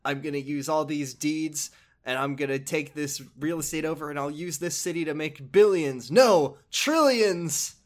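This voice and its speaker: A man voicing a greedy, power-mad old villain tycoon in a grandiose, shouting manner. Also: a little high, steady tone, moderate pace, close to an everyday voice. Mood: megalomaniacal.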